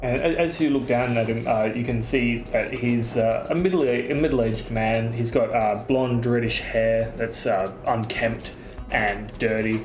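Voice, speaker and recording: A man from Australia narrating a tabletop game as dungeon master, with a halting style full of fillers. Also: medium pitch. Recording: echoey room with faint music.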